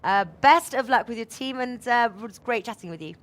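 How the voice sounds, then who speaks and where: A woman hosting a betting show in casual chat, chatty and quick to laugh. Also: fairly high pitch, a bit bright. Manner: chatty, laughs often, restarts. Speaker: host.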